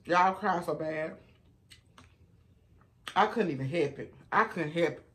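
A woman vlogger telling stories while she eats, chatty and animated, calling her viewers y'all, baby and honey. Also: measured pace. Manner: animated, with sudden rises in pitch and loudness. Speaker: mukbang vlogger. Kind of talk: casual storytime while eating.

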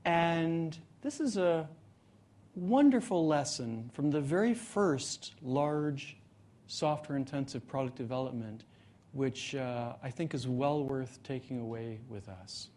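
A man presenting at a meetup, telling a joke and then explaining his ideas in a measured way. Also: medium pitch. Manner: relaxed joking storyteller, then measured explainer. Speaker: presenter, guest speaker. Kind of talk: live talk at a meetup. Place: meetup room in front of an audience.

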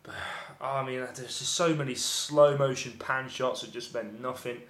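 A man's voice: medium pitch, fairly even intonation, moderate pace, fairly bright tone. A man giving a rambling, profanity-laced film review, often exasperated. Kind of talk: casual ranting film review. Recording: echoey room.

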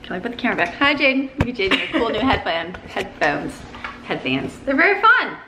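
A woman's voice: very animated, fairly quick. A middle-aged woman and mother chatting casually and cheerfully as she films a home vlog from the kitchen and basement, held on a handheld camera. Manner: chatty, upbeat, talks to her dogs in a high sing-song voice. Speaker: vlogger, mother. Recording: noisy home recording.

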